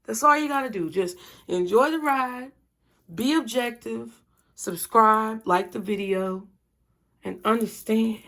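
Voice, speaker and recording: A woman's voice: on the high side, a little slow, sharp tone. A woman giving a casual tarot reading, chatty and blunt, with frequent swearing. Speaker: tarot reader.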